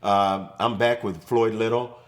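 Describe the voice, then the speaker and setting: An older man in his sixties sits in a studio as a guest and tells football stories. He talks casually and gets animated when he acts out what people said. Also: lowish voice, a little slow. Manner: animated storyteller, acts out quotes. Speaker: guest, former pro football player. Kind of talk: casual studio chat, storytelling. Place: studio set.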